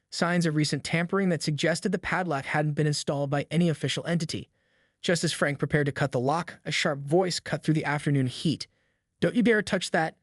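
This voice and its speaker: A man's voice: fairly high pitch, dry recording, clean studio sound. A man reading a dramatic story as a narrator in a scripted way.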